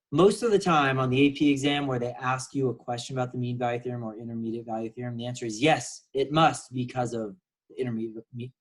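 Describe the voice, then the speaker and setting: A man's voice: mid-range voice, low-quality recording. A man teaching a recorded calculus lesson, explaining casually with many fillers. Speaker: math teacher.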